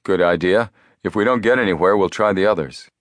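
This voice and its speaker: A man voicing a calm, decisive teenage boy who leads the group in a storybook reading. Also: deep voice, a little fast, no echo, natural voice.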